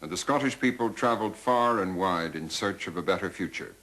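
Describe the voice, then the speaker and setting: A man narrates a documentary in a low, bright-edged voice that rises and falls freely. His delivery is measured and deliberate, every phrase carefully placed. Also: animated, rough recording.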